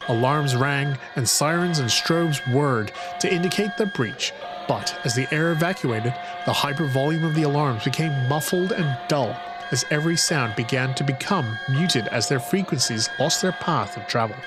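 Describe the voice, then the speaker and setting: A man narrating a sci-fi audiobook in a measured, even storytelling manner, on a close microphone. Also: medium pitch, over music, poor audio.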